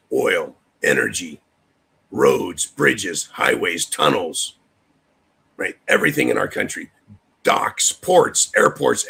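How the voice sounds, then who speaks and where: A man's voice: mid-range voice, gravelly, pushed and bright, slightly rough. A man hosting a livestream, delivering a heated, profane political rant and talking straight to chat viewers. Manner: addresses chat viewers directly. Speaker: livestream host.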